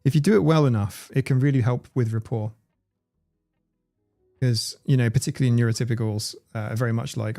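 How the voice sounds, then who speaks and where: A man's voice: mid-range voice, fairly quick, vocal fry, dark tone, soft background music. A man hosting a casual livestream, rambling, swearing freely and reading the chat aloud. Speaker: livestream host.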